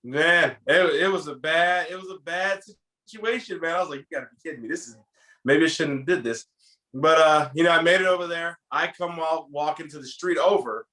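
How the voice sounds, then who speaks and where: Man, casual storyteller, animated, acts out quotes, slightly high, bright voice. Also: normal speed. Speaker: podcast co-host telling a story.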